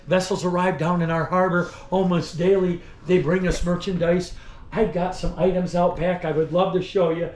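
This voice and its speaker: A man giving a museum tour as a theatrical old-time salesman, teasing and addressing his visitors directly. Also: high voice. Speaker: costumed museum tour guide. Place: indoor store museum among visitors. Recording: echoey room, faint background noise.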